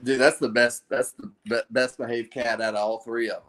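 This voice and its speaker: A man's voice: medium pitch, steady tone, normal speed, a bit bright. A man who is a guest in a casual chat, chiming in with short, amused remarks. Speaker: guest on a stream.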